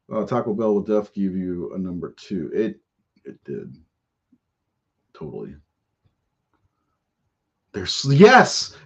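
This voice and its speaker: A man hosting a podcast in casual live-stream chat, rambling and profane and laughing often. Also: low-pitched. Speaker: podcast host. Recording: dull lo-fi audio.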